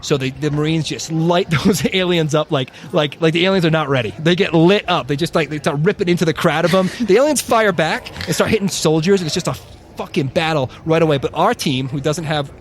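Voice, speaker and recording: A man co-hosting a podcast, telling a story in a casual, animated way, with profanity and plenty of fillers. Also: on the high side, brisk. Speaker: podcast co-host.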